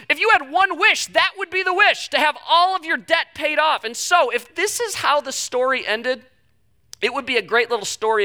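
A young man preaching a sermon, telling the story with animated delivery and acting out the quoted voices. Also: extremely high pitch. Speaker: pastor.

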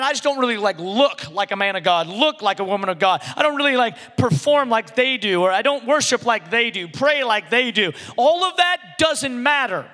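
A man in his thirties preaching a sermon in a conversational, animated way, with frequent restarts and acted-out quotes. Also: extremely high pitch, big-room sound. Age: 30s. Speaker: pastor.

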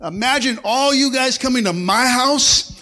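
A man's voice: very high-pitched, measured pace. A male pastor preaching a sermon to a congregation, fervent and rousing, with frequent calls of amen and come on. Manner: fervent preaching with call-and-response, punctuated by shouted amens. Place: church service before a congregation.

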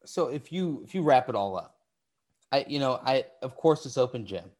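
A man's voice: medium pitch, animated, normal speed, darkish tone. A man hosting a casual sports podcast, asking long rambling questions and repeating phrases as he works them out. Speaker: podcast host.

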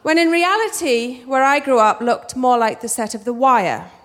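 Woman storyteller, working-class English accent, high voice, wry and self-mocking, live on stage with hall reverb. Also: normal speed, a bit bright. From England. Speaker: storyteller, actress. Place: theater stage.

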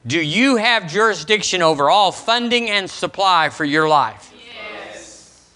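Bright, animated pastor preaching. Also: male voice, sits high, moderate pace. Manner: animated preaching, quizzes the congregation. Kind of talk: sermon. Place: church service.

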